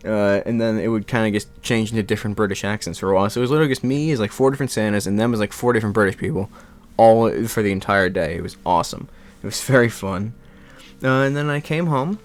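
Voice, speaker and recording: Rambling young man chatting casually. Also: lowish voice. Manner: rambling, animated, laughing, swearing. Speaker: vlogger. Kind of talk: casual chat.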